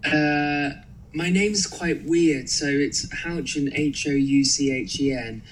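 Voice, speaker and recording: A man's voice: on the high side, fairly even intonation, slow, a little hiss or hum, low-quality recording. A man as a podcast guest in casual chat, swearing freely, laughing and rambling. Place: flat in London.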